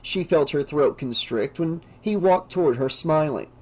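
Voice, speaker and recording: A man narrates an audiobook in a measured, steady reading voice. His voice sits fairly high for a man. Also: low-quality recording.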